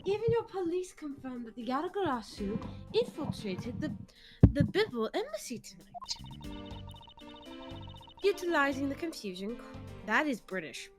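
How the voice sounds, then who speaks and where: A woman's voice: a little high, natural voice. A woman voicing an arrogant young woman prosecutor in a put-on foreign accent, stumbling now and then. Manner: haughty, stumbling over lines.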